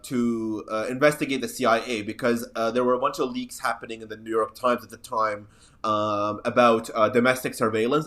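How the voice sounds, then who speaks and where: A man's voice: medium pitch, a bit bright. A man hosting a podcast in casual chat, sardonic and rambling. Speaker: podcast host.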